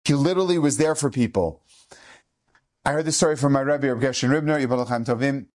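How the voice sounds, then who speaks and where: Speaking fast in a mid-range voice, a middle-aged rabbi offers a heartfelt, uplifting eulogy full of stories and Hebrew and Yiddish words. When quoting others, he performs their lines in animated, changing voices.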